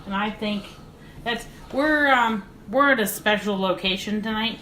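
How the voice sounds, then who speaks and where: A woman co-hosting a casual movie podcast, chatty with quick interjections, recorded at someone's home. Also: medium pitch, bright, forceful tone, echoey room, slight background noise. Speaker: podcast co-host. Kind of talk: casual movie review chat. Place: guests' home, remote location.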